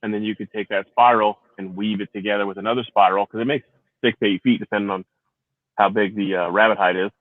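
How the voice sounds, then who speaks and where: A man's voice: lowish voice, fairly even intonation, fast, dry recording. A man who is a Marine veteran hosting a casual livestream, rambling and swearing freely, laughing often. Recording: tinny phone-like sound.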